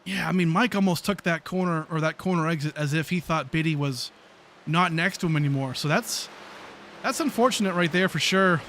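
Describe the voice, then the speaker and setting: A man calling a sim truck race live as play-by-play commentator, chatty and excitable with frequent fillers. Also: a little high, fairly quick, a little hiss or hum.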